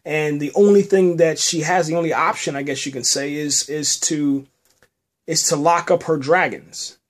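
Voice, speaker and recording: A man with a slightly high voice talks through a TV episode in a casual podcast recap. He stops and restarts often and keeps tagging "man" onto his lines. The delivery is loose and unscripted. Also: fairly even intonation. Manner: halting, many restarts, says "man" often. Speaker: podcast host reviewing a TV episode. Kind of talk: casual spoken review.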